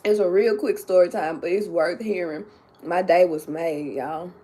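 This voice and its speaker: A woman hosting a casual livestream, chatty and excitable, greeting viewers by name and repeating herself, a little sleepy. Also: fairly low pitch, normal speed, breathy edge. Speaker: livestream host.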